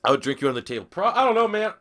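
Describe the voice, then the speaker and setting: Rapid-fire and sharp, a young man's high voice swings widely in pitch as he streams a football game live. His casual commentary mixes jokes and free swearing with chat questions read aloud.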